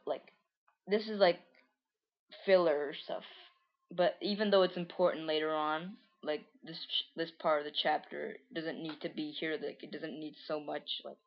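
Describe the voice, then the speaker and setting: Woman, lowish voice, casual rambling read of her own old comic, muffled lo-fi home mic. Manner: rambling, filler-heavy, lots of "like". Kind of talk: casual storytelling read-through.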